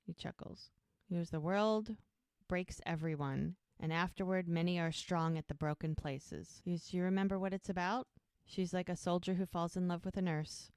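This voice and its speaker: Low-voiced woman recapping a show. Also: normal speed, smooth, no echo, studio quality. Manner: animated retelling, acting out the characters' lines. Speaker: podcast co-host. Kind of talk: casual recap of a TV episode.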